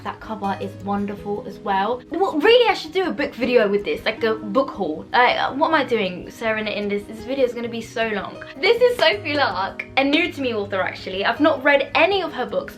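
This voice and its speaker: Girl gushing over her book haul, higher voice, lots of giggles, a little music playing quietly behind. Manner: bubbly, giggly, animated. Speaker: book vlogger. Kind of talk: casual book haul chat.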